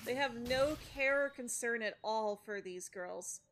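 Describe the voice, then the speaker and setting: A woman's voice: fairly high pitch, unhurried, fairly bright tone, slight background noise. Chatty woman streamer. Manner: chatty, laughs often, talks to chat. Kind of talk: casual live-stream commentary.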